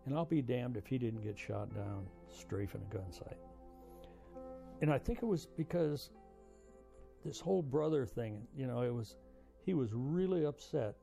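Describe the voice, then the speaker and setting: An older veteran shares his memories as oral history, speaking slowly and reflectively in a gravelly, creaky, mid-range voice with a dark tone. His delivery is halting, with frequent "uh" fillers as he recalls events, while music plays clearly underneath.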